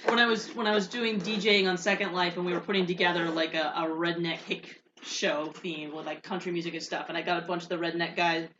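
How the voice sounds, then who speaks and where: Woman, giggly storyteller, bright voice, roomy echo, dull lo-fi audio. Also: fairly low pitch, fairly even intonation, brisk, slight background noise. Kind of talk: casual comedy podcast chat.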